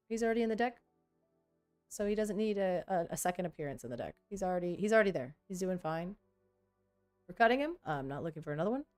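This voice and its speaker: Chatty woman rambling while sorting cards. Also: mid-range voice. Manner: rambling, self-mocking, quick mock dialogues. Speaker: content creator building a card deck.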